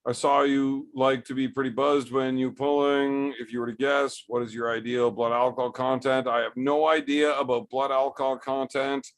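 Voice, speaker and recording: A man's voice: mid-range voice, level tone, normal speed, hardly any pauses. A young man, casually reading and answering live chat with blunt, profane jokes. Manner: profane, blunt, joking banter.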